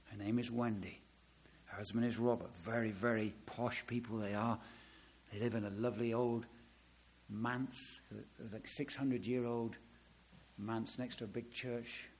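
A middle-aged man preaching a sermon, dramatic, swelling loud on key words and dropping to a hush. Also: medium pitch, fairly even intonation, a little slow.

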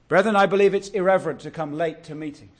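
A man preaching a sermon, earnest and exhortative, drawing out key words slowly. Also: a little high. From England.

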